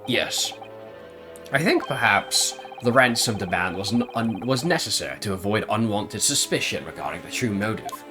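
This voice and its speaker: A man voicing a pompous, eccentric gentleman detective in a game, with flowery, self-assured speech. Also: on the low side, lively intonation, normal speed, over music, lightly acted. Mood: grandiose. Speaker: game streamer reading dialogue.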